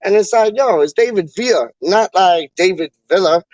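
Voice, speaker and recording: Laid-back New co-host, high voice, stammering slang, distant dry mic. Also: male voice, lively intonation, normal speed, dry recording, highs cut off. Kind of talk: casual chat.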